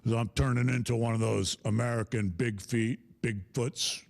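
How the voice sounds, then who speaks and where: A middle-aged man performing a stand-up comedy set, telling stories in an animated way and laughing at his own jokes. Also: medium pitch, normal speed, gravelly.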